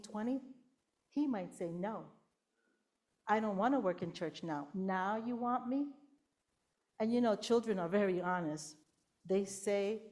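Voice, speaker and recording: A middle-aged woman giving a sermon to a congregation, telling a Bible story and acting out the quotes, sometimes dropping to a whisper. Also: medium pitch. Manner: storytelling with acted-out quotes, whispering to show how softly God speaks. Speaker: preacher.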